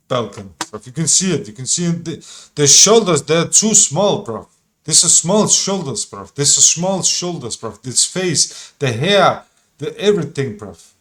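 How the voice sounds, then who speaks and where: A man's voice: a little high, sing-song, measured pace, fairly bright tone. A man giving casual reaction commentary in an insistent, repetitive way, sometimes swearing. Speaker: reaction streamer.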